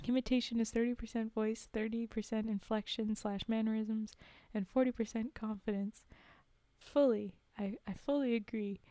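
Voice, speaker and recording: Giggly young woman streamer, mellow voice. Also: on the high side, no room sound. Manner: giggly, laughs often between remarks. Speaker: live streamer. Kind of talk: casual live-stream chat with viewers.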